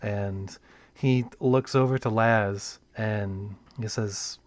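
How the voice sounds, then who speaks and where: A man narrating as game master of a tabletop role-playing game, with many pauses and restarts. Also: lowish voice, fairly even intonation, dry recording.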